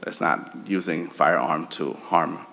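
A man chairing a state senate committee hearing, speaking in a halting way with repeated words. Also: a bass voice, vocal fry, sharp tone, slight background noise. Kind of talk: legislative hearing remarks.

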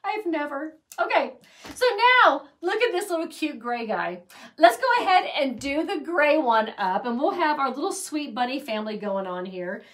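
A woman's voice: high-pitched, sing-song, moderate pace. A middle-aged woman hosting a casual craft tutorial, chatty and gushing over her handmade pieces. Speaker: craft channel host.

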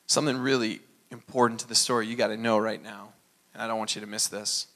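A man preaching a sermon as pastor, animated and acting out little dialogues. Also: on the low side, quick pace.

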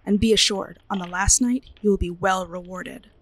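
A woman's voice: medium pitch, steady tone, moderate pace, background noise, natural voice. A woman voicing a stern old female attendant in a storybook reading, speaking in a formal, commanding way.

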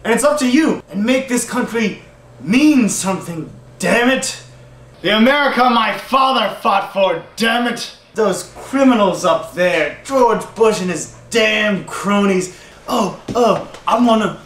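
A man's voice: high voice, animated, takes it slowly, fairly bright tone. A man in a home comedy video, ranting angrily about politics. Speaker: family member in a home video. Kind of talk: comic rant imitating a relative. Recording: echoey room, from a distance.

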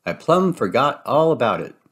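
A man's voice: mid-range voice, sing-song, normal speed, fairly bright tone, breathy edge. A man voicing a folksy, forgetful female cartoon cow in a storybook read-aloud, with homespun talk.

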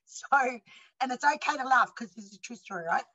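Blunt, bright-voiced Australian woman in her fifties. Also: a little high, fairly quick, muffled recording. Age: 50s. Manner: blunt, animated storytelling with acted-out dialogue. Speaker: panelist and university student. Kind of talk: storytelling on a panel.

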